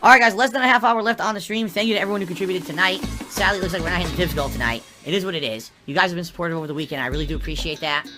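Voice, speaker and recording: Blunt woman streamer, low-pitched and rapid, addressing viewers over clear music.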